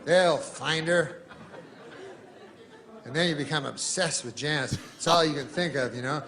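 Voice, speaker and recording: A man doing stand-up comedy, telling a long deadpan story in a wandering way, with a crowd laughing behind him. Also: fairly high pitch, fast. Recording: archive clip with loud crowd laughter. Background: audience laughter.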